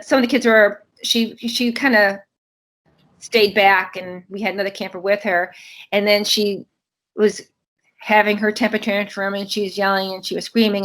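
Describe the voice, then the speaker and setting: A middle-aged woman, a guest in an interview, telling an animated story and acting out the voices of the people she quotes. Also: mid-range voice. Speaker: guest, camp co-founder.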